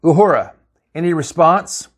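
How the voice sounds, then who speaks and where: A man's voice: on the high side, normal speed, pitched above the performer's own voice, lightly acted. Kirk, a man reading as a terse captain. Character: male starship captain, terse and commanding.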